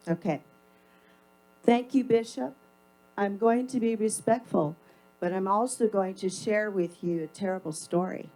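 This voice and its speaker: A woman's voice: mid-range voice, a little slow, long pauses, a little mellow, soft background music, rough recording. A woman giving a public comment at a council meeting, speaking into a podium mic in an emphatic, confrontational and sarcastic way. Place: council chamber.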